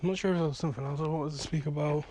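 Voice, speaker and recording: His voice sits a little high and races along with fairly even intonation and a darkish tone, over a faint hiss or hum. The speaker is a vlogger and songwriter on a night walk outdoors, giving a frank, rambling monologue full of swearing as he grows heated.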